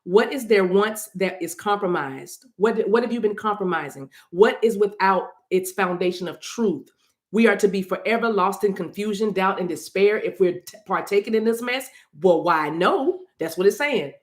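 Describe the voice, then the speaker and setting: A woman's voice: medium pitch, normal speed, roomy sound. A woman doing a casual livestream card reading, chatting with her audience and reading messages aloud. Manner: chatty, sings snippets, addresses chat directly. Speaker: spiritual reader.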